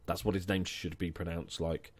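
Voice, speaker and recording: A man's voice: low-pitched, little pitch movement, moderate pace. A young man commenting casually on his football management game, chatty and jokey, inventing nicknames for his players. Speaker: gaming channel host. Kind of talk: casual let's-play commentary.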